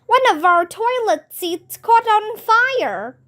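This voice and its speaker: A woman voicing a frantic male school principal who shouts alarming news in a storybook reading. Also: very high voice, animated, takes it slowly, pitched above the performer's own voice, full character voice. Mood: alarmed.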